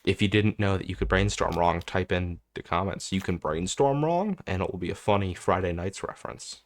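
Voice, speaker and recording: Deep gravelly man narrating his gameplay. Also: little pitch movement, fairly quick. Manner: exasperated, swearing, thinks aloud. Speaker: content creator playing a card game. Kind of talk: gameplay commentary.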